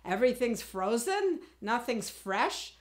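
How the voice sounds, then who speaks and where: A woman's voice: a little high, very animated, slow. A woman doing a baffled old grandmother with a Russian accent. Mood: incredulous. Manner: incredulous questioning. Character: older woman grandmother, puzzled and indignant.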